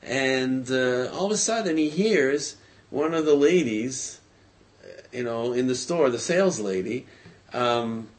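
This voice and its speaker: A man telling a folk tale aloud in a casual, halting way, full of fillers and restarts. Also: medium pitch, animated. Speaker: storyteller. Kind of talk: casual oral storytelling.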